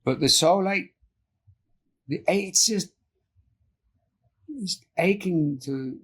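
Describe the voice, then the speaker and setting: A man speaking as a podcast guest in an earnest, soft-spoken way, often trailing off and restarting, recorded over a remote call. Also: high voice, lively intonation, drawn-out words, slightly rough. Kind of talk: reflective interview talk.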